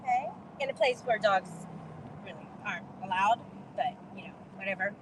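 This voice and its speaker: A woman's voice: mid-range voice, normal speed, slight background noise, poor audio. A middle-aged woman telling an indignant story to camera in a casual vlog, acting out the voices of the people in it. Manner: animated, indignant, acts out quoted voices.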